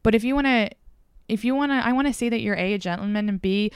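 A young Irish woman hosting a podcast, telling candid stories in a casual, animated way with plenty of swearing. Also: on the high side, quick pace, smooth, no room sound, clean studio sound. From Ireland. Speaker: podcast host. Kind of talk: casual chat.

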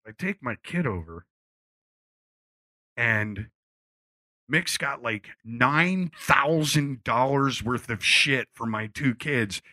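Animated storytelling man, bright voice. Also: medium pitch, takes it slowly, pauses often, dry recording. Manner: animated storyteller, acts out quotes, swears freely. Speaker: musician telling a story. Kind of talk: casual anecdote.

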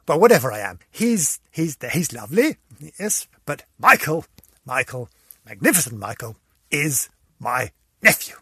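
An older man from England hosting a comic podcast in a theatrical, camp, teasing way, swinging between loud and soft. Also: a little high, breathy edge, no room sound, studio quality. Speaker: podcast host.

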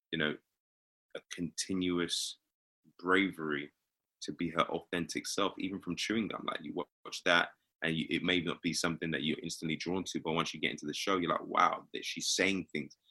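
A very low-pitched man, an actor chatting as an interview guest. His voice is forceful and bright despite its depth. He talks thoughtfully, circling back and repeating words as he works out what to say. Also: steady tone, fairly quick, breathy edge. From England. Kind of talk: casual interview chat.

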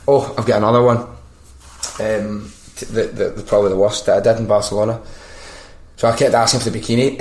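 A Scottish man hosting a podcast, chatting casually and telling stories with plenty of swearing. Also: lowish voice. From Scotland. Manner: sweary, animated storyteller. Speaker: podcast host. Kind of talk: casual chat. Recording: roomy echo.

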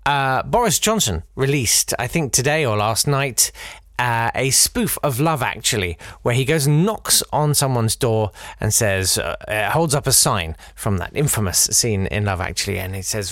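A man hosting a casual solo podcast, wry and rambling, with big swings in pitch. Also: big pitch swings, normal speed, fairly bright tone, no room sound, clean studio sound. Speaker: podcast host.

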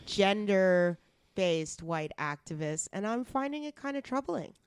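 A woman from Canada co-hosting a casual podcast, speaking bluntly and with lively emphasis. Her voice sits at a middling pitch and is recorded close and dry. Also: a little slow, clean tone, no room sound. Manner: blunt, outspoken, animated. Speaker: podcast co-host. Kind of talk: casual chat.

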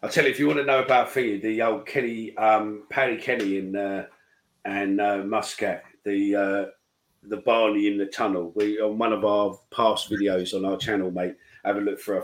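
A man's voice: lowish voice, little pitch movement, normal speed, low-quality recording. A man co-hosting a casual football chat show, blunt and sweary. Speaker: podcast co-host.

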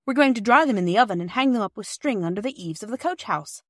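A woman's voice: fairly high pitch, lively intonation, fast, no room sound, studio quality, pitched above the performer's own voice. A woman voicing a young boy, a big brother who lectures his sisters in a self-righteous way. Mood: lecturing.

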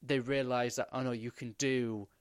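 Rambling podcast host, dry close sound. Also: male voice, medium pitch, normal speed, clean tone, dry recording. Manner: rambling, animated storytelling with many fillers. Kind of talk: casual chat.

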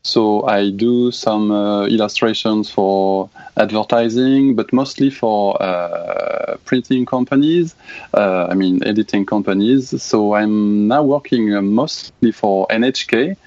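A man from France with a French accent, co-hosting a podcast in casual chat, halting and apologetic. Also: fairly low pitch, darkish tone, no room sound, highs cut off. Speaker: podcast co-host, illustrator.

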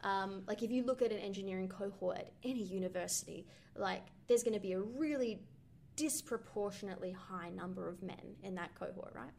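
Young female podcast co-host, average pitch, rambling and thoughtful, faint noise behind. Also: a little fast, vocal fry, a little mellow. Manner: thoughtful, rambling with many ums and likes. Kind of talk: casual film discussion.

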